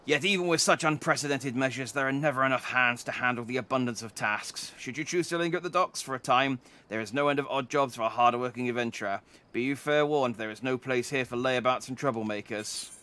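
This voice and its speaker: A man's voice: mid-range voice, fairly quick, few pauses, pushed and bright, close to an everyday voice. A man reading the lines of a stern, proud shipyard master in a stiff, formal, declamatory way.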